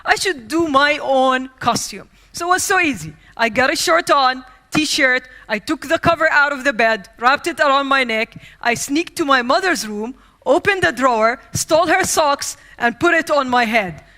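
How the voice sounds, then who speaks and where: Woman keynote speaker from the Middle East, high bright voice, lively storyteller acting out scenes. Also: normal speed. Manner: lively, acts out scenes and quotes. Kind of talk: humorous storytelling speech. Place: conference stage.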